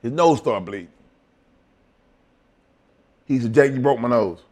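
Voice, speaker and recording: A middle-aged man telling profane, animated stories as a guest in a shoot interview. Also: mid-range voice, measured pace. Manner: profane, animated storytelling with acted quotes. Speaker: interview guest, former wrestler.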